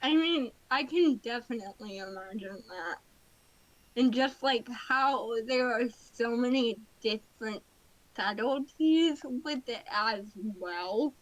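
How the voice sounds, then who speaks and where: A woman streaming and chatting casually, with a playful, whiny streak of mock-crying. Her voice sits high and she takes her time. The sound is dry and close. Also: takes it slowly, dry recording, poor audio. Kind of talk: casual stream chat while gaming and drawing.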